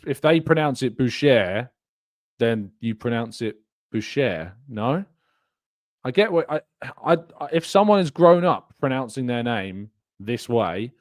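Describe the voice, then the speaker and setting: A man's voice: medium pitch, no room sound, clean studio sound. A man hosting a live fan show, chatting loosely and laughing as he reads out viewer comments. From England. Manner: chatty, rambling, laughs often. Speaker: podcast host. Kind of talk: live-stream chat, reading viewer comments.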